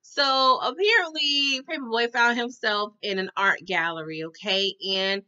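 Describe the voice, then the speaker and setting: A woman giving a chatty, slangy recap of a TV episode, with quick asides. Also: on the high side, pushed and bright, clean tone, muffled recording. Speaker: TV episode reviewer. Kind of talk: casual TV recap.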